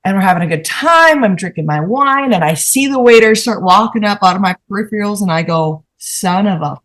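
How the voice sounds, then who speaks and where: A woman on a podcast panel, telling a story in a casual, animated and profane way and acting out the dialogue. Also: mid-range voice, fairly quick.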